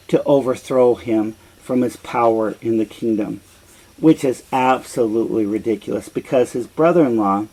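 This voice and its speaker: A middle-aged man teaching and explaining a play, deliberate and explanatory. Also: mid-range voice, mellow, rough recording. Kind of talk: slow reflective commentary.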